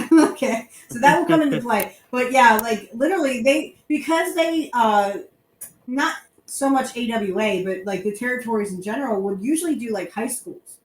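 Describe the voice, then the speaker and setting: A woman's voice: fairly high pitch, expressive, normal speed. Chatty woman host in echoey room. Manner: chatty, explains with many "like" fillers. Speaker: podcast host. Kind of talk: casual watch-along commentary.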